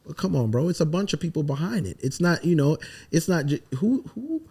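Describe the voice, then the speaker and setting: A man from the Virgin Islands, a songwriter telling animated, emphatic stories and swearing freely in a casual podcast interview. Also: on the high side, fairly quick, gravelly, slightly rough. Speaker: songwriter guest.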